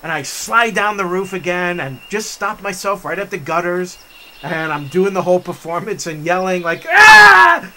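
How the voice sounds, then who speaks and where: A man hosting a vlog, telling a story with animated enthusiasm while he hikes through a forest. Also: sits high, moderate pace, shouting, background noise. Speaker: vlog host. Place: forest trail outdoors.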